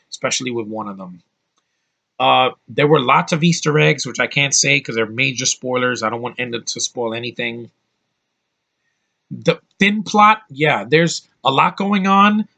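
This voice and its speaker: A man's voice: mid-range voice, vocal fry, bright, forceful tone. A man giving a casual spoken movie review, enthusiastic and blunt, rambling with restarts and the odd swear word.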